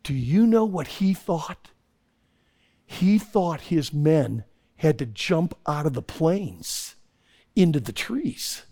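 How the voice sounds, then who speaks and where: A man preaching a sermon to young people, hammering his points through emphatic repetition and storytelling. His voice sits fairly high, carries a gravelly texture and swings widely in pitch. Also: animated, takes it slowly, warm tone.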